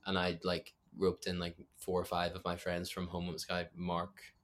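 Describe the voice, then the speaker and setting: Northern Irish young male musician, deep flat delivery, rambling self-deprecating guest talk. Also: moderate pace. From Northern Ireland. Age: young adult. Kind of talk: casual interview chat.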